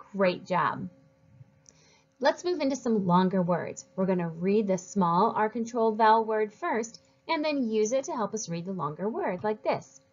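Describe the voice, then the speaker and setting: Slow, clear teacher woman, lo-fi audio. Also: mid-range voice, big pitch swings. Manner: slow, clear, encouraging, models each sound. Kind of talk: phonics lesson for children.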